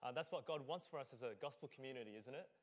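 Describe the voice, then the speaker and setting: A man's voice: mid-range voice, rapid-fire. A man, a lead pastor and a parent, preaching a conversational sermon in church with frequent fillers. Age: adult parent. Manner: conversational, with fillers; acts out scenes.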